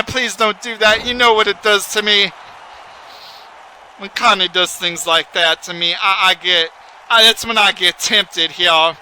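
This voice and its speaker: A man giving excitable, folksy, rambling play-by-play commentary on a wrestling video game. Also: high voice, a little slow, slight background noise, low-quality recording.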